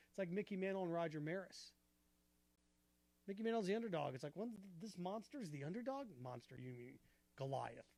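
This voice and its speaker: Sports talk host, male, high-pitched, punchy and argumentative, close dry mic. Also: a little fast, gravelly, no room sound. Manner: animated, argumentative, rhetorical questions. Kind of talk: opinionated sports commentary.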